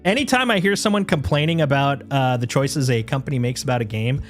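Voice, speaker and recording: A man's voice: mid-range voice, fairly quick. Guy rambling on his game stream, lots of ums and likes, mid voice, faint music behind. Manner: rambling, lots of fillers and restarts; baby-talk to his dog. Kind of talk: casual chat while gaming.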